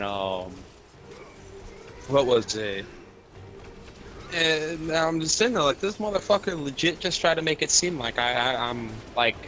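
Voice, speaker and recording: A young man ranting casually on a livestream, his talk full of curses and fillers. His tone is bright and forward, with a faint hiss behind him. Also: medium pitch. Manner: profane, rambling venting with lots of fillers. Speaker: streamer.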